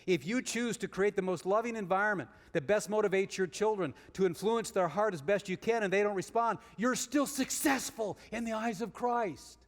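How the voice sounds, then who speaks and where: Guest preacher, male, high-pitched, swings from forceful points to soft storytelling in a reverberant sanctuary. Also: moderate pace, hardly any pauses. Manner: swings from emphatic rises to hushed storytelling. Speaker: guest speaker. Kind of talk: sermon. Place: church sanctuary. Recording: long reverb of a large hall.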